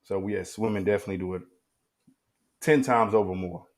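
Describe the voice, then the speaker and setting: A man's voice: lowish voice, fairly quick. A man in a casual podcast chat, speaking bluntly and emphatically in slang.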